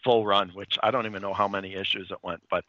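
A man's voice: low-pitched, fairly even intonation, fast talker, sharp tone, no echo, highs cut off. A man retelling a comic's plot in a casual chat, rambling with many fillers and restarts. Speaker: comics podcast co-host.

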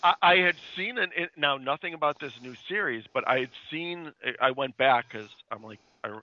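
A man's voice: on the high side, a little fast, sharp tone, no room sound, highs cut off. A man co-hosting a podcast, chatting casually and asking curious questions. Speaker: podcast co-host. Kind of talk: casual chat.

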